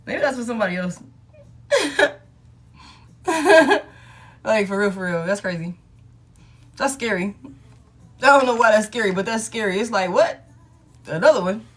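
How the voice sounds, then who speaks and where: A woman's voice: medium pitch, lively intonation, moderate pace, long pauses. Woman, 30s, tarot-stream host; blunt, profane, laughing, casual delivery. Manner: candid and profane, laughs often, talks straight to her viewers. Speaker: tarot reader hosting a live stream.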